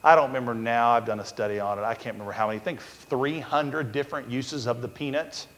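A man's voice: medium pitch, fast talker, fairly bright tone, big-room sound. A man preaching a sermon as pastor, telling stories and acting out the people he quotes. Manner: storytelling, acting out quotes in a raised voice.

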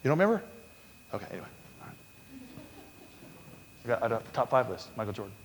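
A man's voice: medium pitch, very animated, fast, a little hiss or hum. Man, pastor, sermon, storytelling, acted-out quotes, long hall reverb. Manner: storytelling, acting out quotes in a raised voice.

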